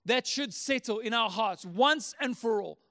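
A man's voice: very high-pitched, lively intonation, a little slow, sharp tone. A man preaching a sermon as a pastor, earnest and emphatic, often repeating his key phrases.

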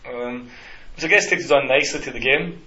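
A man's voice: medium pitch, brisk, bright, forceful tone. A man co-hosting a casual football podcast, rambling with many restarts and fillers. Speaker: podcast co-host. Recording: roomy, slightly dull, faint hiss.

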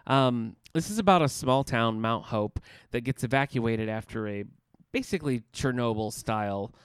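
A man co-hosting a casual podcast, talking in a measured, mildly wry way with frequent fillers. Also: mid-range voice, clear, resonant tone, dry recording. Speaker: podcast co-host, librarian. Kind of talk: casual chat.

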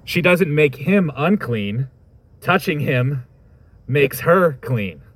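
A man's voice: on the high side, animated, slow, a bit bright, husky, no room sound. A man preaching a sermon, reading scripture and reflecting on it in a thoughtful, conversational way with informal asides.

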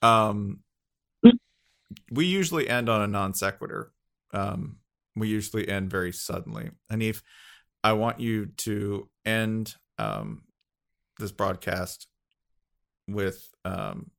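A man hosting a podcast, telling an anecdote in a lively way and acting out what others said. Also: fairly low pitch, slow, gravelly, long pauses. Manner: lively anecdote teller, acts out quotes. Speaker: podcast host. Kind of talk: casual chat.

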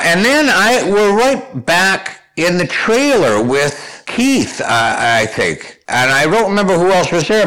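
A man's voice: fairly high pitch, sharp tone. An older man from Canada, a guest telling long rambling anecdotes with restarts and chuckles. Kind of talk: conversational storytelling.

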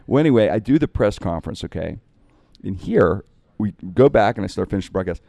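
A man spins animated anecdotes from his broadcasting days, slipping into other people's voices as he goes. His voice sits low and mellow. The sound is dry and close. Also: quick pace, creaky, dry recording. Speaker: radio broadcaster telling stories. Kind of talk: casual storytelling on a podcast.

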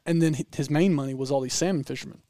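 A man with a Southern American accent telling stories in casual podcast chat, animated and rambling with frequent restarts. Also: on the high side, rapid-fire, dry recording, clean studio sound. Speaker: podcast guest storyteller.

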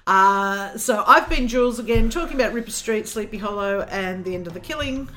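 A woman's voice: medium pitch, brisk, sharp tone, faint music behind. A woman co-hosting a podcast, talking casually and enthusiastically about TV shows. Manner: chatty and enthusiastic, swears casually. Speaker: podcast co-host. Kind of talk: casual chat.

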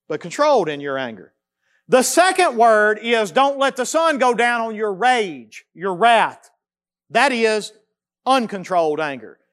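A man, preaching a sermon as pastor, swinging between loud emphasis and quiet, slow repetition. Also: extremely high pitch.

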